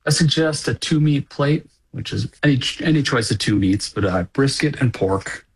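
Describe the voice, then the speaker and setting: A man from Minnesota, a restaurant owner, giving easygoing, slightly halting answers in a radio interview. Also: mid-range voice, animated, breathy edge, poor audio.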